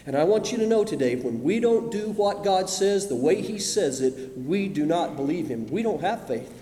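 High-voiced preacher man in an echoing hall. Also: expressive, moderate pace. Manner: dramatic, swings from loud emphasis to hushed asides. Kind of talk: sermon. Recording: echoey hall with long reverb.

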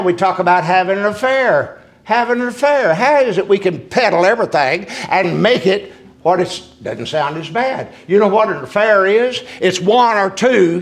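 A man delivers a sermon. His voice is a little high and gravelly with fry. He climbs into forceful emphasis, then falls back to quiet storytelling. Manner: preaching that rises to emphatic peaks and drops to quiet storytelling. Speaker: preacher.

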